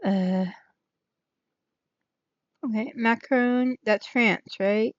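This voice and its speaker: A woman's voice: fairly high pitch, very slow, no echo, muffled recording. A woman hosting her own channel, chatting casually and rambling, thinking aloud, trailing off and restarting her thoughts. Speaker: channel host. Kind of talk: rambling casual livestream chat.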